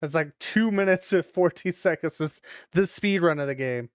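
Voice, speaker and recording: A man's voice: on the high side, normal speed, smooth, dry recording, clean studio sound. A man streaming a game, talking to himself and chat and swearing as he reacts. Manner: swears, reacts aloud while playing. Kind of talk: casual game commentary.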